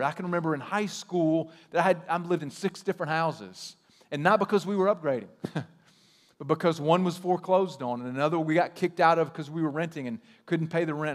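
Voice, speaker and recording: Man preaching in a reverberant hall. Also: on the high side. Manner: conversational, animated storytelling with self-deprecating humor. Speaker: pastor. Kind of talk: sermon. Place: church sanctuary.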